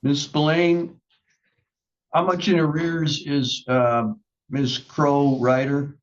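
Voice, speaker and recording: A man's voice: a little high, level tone, slow, highs cut off. A man presiding as a judge at a court hearing, stern and lecturing.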